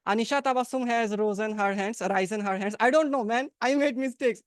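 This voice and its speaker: A man's voice: extremely high pitch, brisk, smooth, no echo, clean studio sound. Young Bangladeshi man hosting a chatty webinar. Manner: encouraging, chatty, playful. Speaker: English conversation practice host. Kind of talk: casual online class talk. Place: home, online webinar. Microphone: video call.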